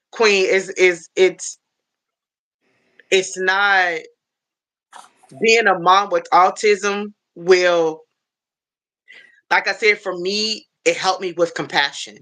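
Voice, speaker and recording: Bright-voiced woman chatting on a livestream. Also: lowish voice. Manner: chatty and warm, with frequent restarts and "y'all". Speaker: livestream host. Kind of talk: casual livestream chat.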